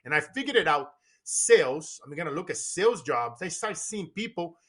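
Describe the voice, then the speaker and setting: A man from Brazil with a Brazilian accent, a podcast guest telling stories in an animated, emphatic way and often laughing. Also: fairly high pitch, normal speed, breathy edge. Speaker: podcast guest, business coach. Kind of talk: casual storytelling conversation.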